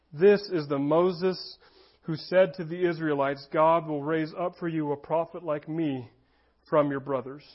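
A high-pitched male pastor delivers a sermon, moving between scripture reading and lively, emphatic explanation with chuckles along the way. The recording sounds dull and lo-fi. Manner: animated preaching with frequent chuckles and emphatic rises.

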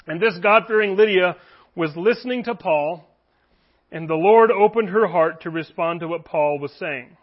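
A man's voice: high-pitched, dull audio. A man preaching an earnest, emphatic sermon with rising exclamations.

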